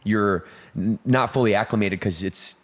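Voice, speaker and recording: A man's voice: lowish voice, normal speed. A man co-hosting a casual fitness talk show, telling a story with lots of fillers and restarts. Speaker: co-founder and co-host. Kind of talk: casual podcast chat.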